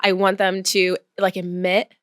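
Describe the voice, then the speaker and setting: A woman's voice: medium pitch, completely flat delivery, measured pace, dry recording, clean studio sound. A woman hosting a podcast, chatting casually and encouraging her guest. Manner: encouraging, affirming listener. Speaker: podcast host. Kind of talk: casual interview chat.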